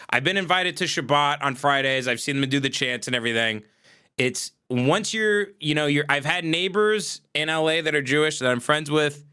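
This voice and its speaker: Bright-voiced man ranting on a livestream. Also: a little high, expressive, normal speed, clear, resonant tone. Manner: profane, exasperated ranting; shouts at times. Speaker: livestream host. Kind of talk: casual ranting monologue. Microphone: desk mic.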